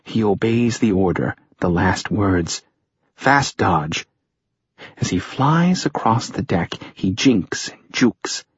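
Guy reading an audiobook, slow and dramatic, kinda husky, dry dull recording. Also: on the low side, expressive, no room sound. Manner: dramatic, measured storytelling. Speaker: audiobook narrator. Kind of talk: scripted narration.

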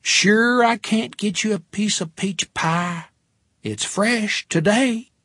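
A man's voice: high voice, slow, bright, forceful tone, no echo, clean studio sound, pitched above the performer's own voice, heavily acted. A man voicing a chatty, pushy diner waitress with a thick Texas accent, drawn out and coaxing, in a storybook reading. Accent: thick Texas drawl.

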